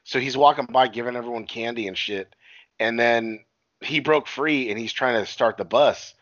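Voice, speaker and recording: A man's voice: medium pitch, moderate pace, fairly bright tone, no echo, highs cut off. A man in casual chat, retelling a movie plot with lots of swearing and acted-out quotes. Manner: profane, rambling storytelling with acted-out quotes. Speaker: podcast co-host recapping a movie.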